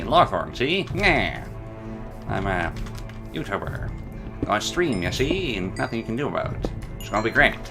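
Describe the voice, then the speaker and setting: A man chatting playfully through a gameplay stream, rambling with jokey asides. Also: on the low side. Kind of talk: casual gameplay commentary. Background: background music and keyboard typing.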